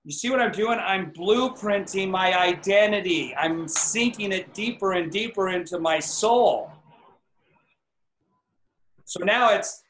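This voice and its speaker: A fired-up male coach speaking over a video call, his voice sitting a little high for a man. He swings into loud, excited affirmations. The room around him rings with echo. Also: moderate pace, a little hiss or hum. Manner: energetic, acts out exclamatory affirmations. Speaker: network marketing coach.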